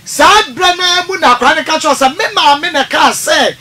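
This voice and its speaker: A Ghanaian woman hosts a radio counselling programme, her voice high and bright. She presses her guests with sharp, probing questions, one after another. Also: a little fast. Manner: probing, questions callers pointedly. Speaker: radio host. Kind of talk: call-in counselling talk show.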